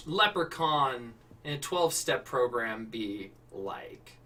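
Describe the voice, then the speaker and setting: A man's voice: medium pitch, sing-song, measured pace, pushed and bright, recorded from a distance, a little hiss or hum. A man hosting a casual prompt show, rambling and correcting himself as he talks, with frequent swearing. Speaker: host. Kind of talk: casual improv prompt chat.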